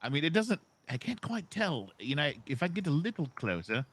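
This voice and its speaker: A man's voice: fairly high pitch, big pitch swings, a little fast, fairly bright tone, dry recording. A man speaking in character in a roleplay, polite and hesitant, often stammering and restarting. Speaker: roleplay player as an instructor character.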